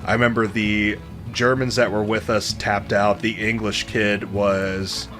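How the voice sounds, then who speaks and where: A man with a lowish voice tells a meandering story on a relaxed gaming podcast. He swears casually and drifts from point to point. Game music plays underneath. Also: unhurried. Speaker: co-host.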